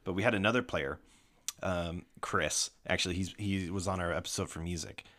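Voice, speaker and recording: A man hosting a casual podcast chat, retelling a tabletop game story in an animated way, swearing freely. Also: low voice, a little fast. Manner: animated, swearing, breaks into laughter.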